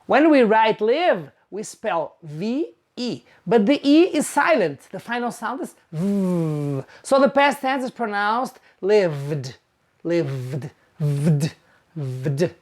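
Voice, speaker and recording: Female pronunciation teacher, very slow and careful, stretches each sound out for learners. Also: medium pitch, very animated. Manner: slow and deliberate, drawn-out example sounds. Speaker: English teacher.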